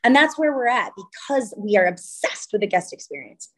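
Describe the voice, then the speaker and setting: A woman in her thirties from California, a venue owner and wedding designer, talking in a casual interview with chatty, animated storytelling. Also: mid-range voice, moderate pace, rough recording.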